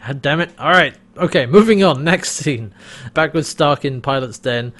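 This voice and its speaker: A man's voice: a little high, animated, normal speed, fairly bright tone. Guy recapping a tv episode, laughs a lot, does silly voices for the quotes. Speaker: podcast co-host recapping a TV episode. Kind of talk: casual chat.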